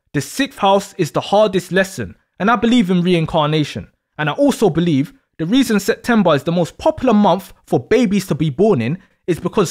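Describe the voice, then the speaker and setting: Animated, high-voiced man explaining astrology. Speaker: astrology video host. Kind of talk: explanatory monologue.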